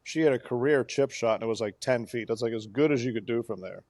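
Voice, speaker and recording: A man co-hosting a casual golf podcast, telling a play-by-play story with animated bursts of excitement. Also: mid-range voice, fast talker, no room sound, studio quality. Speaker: podcast co-host.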